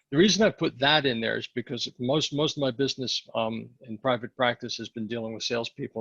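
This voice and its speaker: A man with a gravelly, husky voice leads a sales training session, hoarse and clearing his throat now and then. He keeps asking the group whether they follow. The sound is dull and dry, like lo-fi video call audio. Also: mid-range voice, dry recording. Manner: coaching, asks the group questions. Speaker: sales mindset coach.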